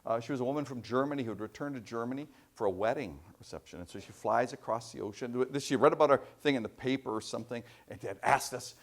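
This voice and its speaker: A man giving a university lecture, telling anecdotes in an animated way with frequent restarts. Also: medium pitch, quick pace, few pauses. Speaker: professor giving a guest lecture.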